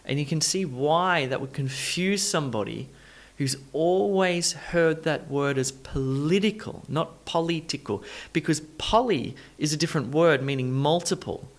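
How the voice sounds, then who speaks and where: A man with a voice on the high side teaches an English pronunciation lesson, explaining directly to learners and repeating words slowly to model syllable stress.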